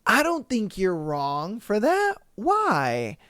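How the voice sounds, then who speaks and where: A man hosts a podcast, reading listener posts and breaking off into loud, swearing reactions. His voice is smooth and clean. It sits close and dry on the mic with no room around it. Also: sits high, slow pace, no room sound. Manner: animated, profane, mock-outraged asides. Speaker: podcast host.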